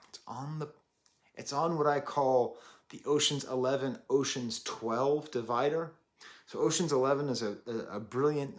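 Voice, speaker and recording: A man in his thirties reviewing an album, rambling and self-deprecating with jokey asides. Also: medium pitch. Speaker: music reviewer. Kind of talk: casual chat.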